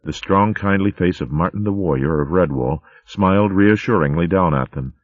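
A man with a very low voice reads a storybook aloud, steady and vivid. The recording is dry and close, with a slightly dulled, lo-fi top. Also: moderate pace, no room sound. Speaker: narrator. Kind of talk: storybook narration.

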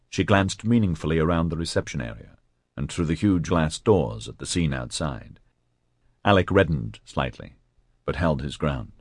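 A man reading an audiobook in a scripted narration style, even and measured. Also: very deep voice, breathy edge, no echo, studio quality.

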